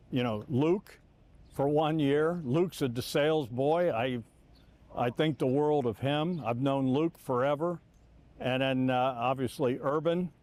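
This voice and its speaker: An older man recalls his career in an easygoing, mid-pitched voice. He talks in loose, repeated bursts. When he quotes others, he jumps up in pitch and acts the lines out. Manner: animated, repeats words and restarts, acts out quotes. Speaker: longtime sportscaster. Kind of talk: reflective interview storytelling.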